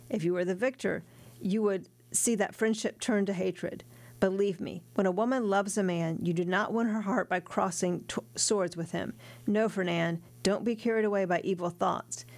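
A woman voicing a determined young woman in love, in an earnest, steady read. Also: mid-range voice, moderate pace, gravelly, close to an everyday voice. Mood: pleading.

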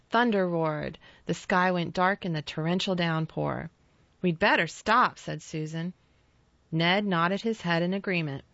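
Lower-voiced woman reading a ghost story. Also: dry recording, lo-fi sound. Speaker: narrator. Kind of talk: scripted ghost story narration.

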